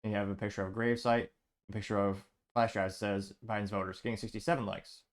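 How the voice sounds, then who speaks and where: Guy hosting a show, reading posts out loud, dry little jokes in between. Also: on the low side, little pitch movement, quick pace. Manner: reads comments out, adds wry asides. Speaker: host. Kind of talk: casual commentary reading social media posts aloud.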